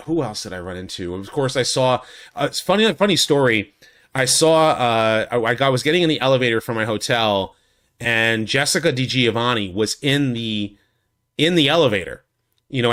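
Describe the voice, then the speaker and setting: Man, casual convention recap, rambling, lots of restarts, mid-pitched voice, studio mic. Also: a bit bright. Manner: rambling, with many restarts and likes; acts out quotes in a much higher voice. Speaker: YouTube host recapping a convention. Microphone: USB studio condenser mic.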